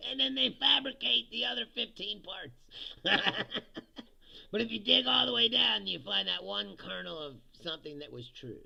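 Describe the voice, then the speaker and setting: A man's voice: high voice, huge pitch swings, a little slow, vocal fry, long pauses, sharp tone, muffled recording. A man hosting a livestream, giving a casual, profane political rant with sarcastic asides and chuckles at his own jokes.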